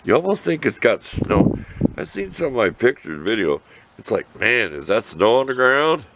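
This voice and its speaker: A man's voice: medium pitch, sing-song, moderate pace, noisy background. An older man vlogging outdoors by his shop, talking to the camera in a folksy, rambling way, sometimes answering himself. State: out of breath. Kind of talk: casual outdoor chat to camera.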